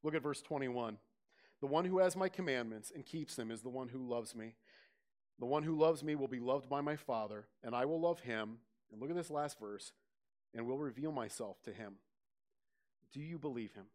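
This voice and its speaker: Male pastor, lively sermon delivery, questions to the room. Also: mid-range voice, moderate pace. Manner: animated preaching, questions to the congregation, rising loud on quoted scripture.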